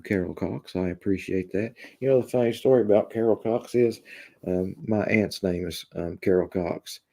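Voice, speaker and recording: A man hosting a live stream, chatting casually with viewers in a deadpan, rambling way full of fillers. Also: deep voice, vocal fry. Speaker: live-stream host reading chat.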